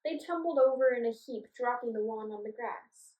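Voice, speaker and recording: A woman reading a children's storybook aloud in a clear, expressive way. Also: a little high, moderate pace, lo-fi sound. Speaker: storybook reader. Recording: echoey room, voice from a distance.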